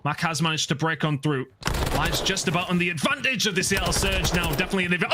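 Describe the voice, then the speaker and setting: A man giving fast play-by-play esports commentary, bursting into excited shouts at big plays. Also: high voice, very noisy. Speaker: esports caster. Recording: loud game gunfire behind. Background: game gunfire and clicks.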